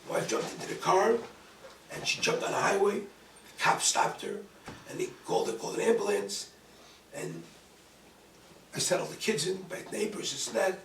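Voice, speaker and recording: A man's voice: high voice, moderate pace, vocal fry, pauses often, a bit bright, a little hiss or hum. A man, a rabbi, telling a personal story in a dramatic way, quoting himself with force. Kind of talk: storytelling talk. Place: event hall. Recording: distant mic in an echoey room.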